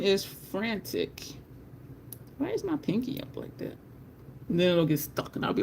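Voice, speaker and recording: A chatty beauty live-streamer talks casually to viewers while swatching makeup and laughs often. The voice has a rough, gravelly edge, and a faint hiss sits under the recording. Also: mid-range voice, big pitch swings, moderate pace, pauses often, darkish tone.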